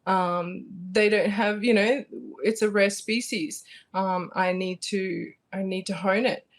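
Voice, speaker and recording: Casting note: young Australian woman, chatty fighter guest, animated and meandering, mid-pitched voice. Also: slow pace. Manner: animated, rambling, many fillers and restarts. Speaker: guest, bare-knuckle fighter. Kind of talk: casual interview chat.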